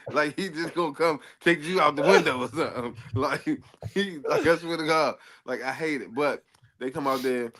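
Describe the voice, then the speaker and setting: A man's voice: on the high side, normal speed, a bit bright. A man co-hosting a wrestling review podcast, talking in a loose, rambling way with lots of fillers and swearing. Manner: rambling, full of fillers and profanity. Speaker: podcast co-host. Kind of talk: casual wrestling review chat.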